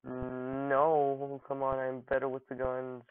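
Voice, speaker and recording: A man's voice: mid-range voice, flat delivery, takes it slowly, gravelly, dry recording. A young man commentating casually over his gameplay, joking and taunting opponents in mock-dramatic lines. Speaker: gaming channel host. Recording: dry, phone-like narrow audio.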